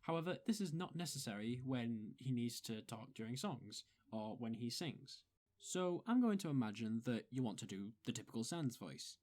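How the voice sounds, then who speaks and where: A man's voice: mid-range voice, animated, moderate pace, darkish tone. A man giving step-by-step voice-acting advice in a methodical, instructive way. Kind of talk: explanatory tutorial.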